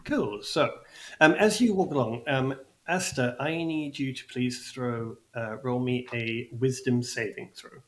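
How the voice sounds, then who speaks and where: A man's voice: mid-range voice, unhurried, a bit bright. A man narrating as game master in a casual way, with many fillers. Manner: casual, fillers, laughs easily. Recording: echoey room.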